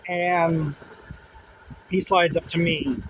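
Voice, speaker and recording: A man tells a dream in a loose, casual way, with plenty of "like" and "uh" fillers. His voice sits a little high for a man. Steady background noise and passing vehicles run behind him. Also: slow pace. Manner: rambling, full of "like" and "uh" fillers. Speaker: dream testimony teller. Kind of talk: casual first-person storytelling.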